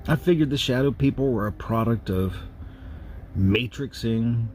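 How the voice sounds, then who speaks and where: A man telling a personal ghost story in a slow, measured, halting way, with pauses and restarts. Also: mid-range voice, darkish tone, slight background noise. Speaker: narrator of a paranormal recording series.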